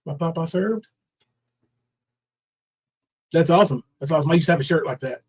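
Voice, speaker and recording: A man in his forties hosts a loose, rambling livestream chat with a slightly high voice. He drifts between his own news and greeting viewers from the chat, sometimes hamming up mock crying. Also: a little fast, long pauses, a little mellow, husky, faint music behind, rough recording. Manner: rambling, reads chat names aloud, mock crying bits. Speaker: livestream host.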